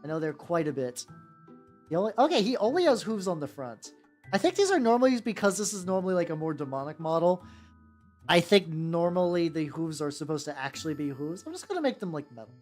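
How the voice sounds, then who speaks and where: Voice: medium pitch, big pitch swings, brisk, darkish tone. A VTuber who paints miniatures, chatting casually and profanely with live-stream viewers while working, often restarting sentences. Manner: rambling and profane, with frequent self-restarts. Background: faint background music.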